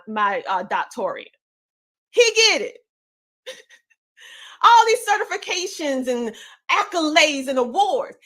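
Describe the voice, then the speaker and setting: A woman's voice: high-pitched, sharp tone. A woman from the Southern United States with a country twang, giving an emphatic, preacher-like motivational speech as a podcaster and coach.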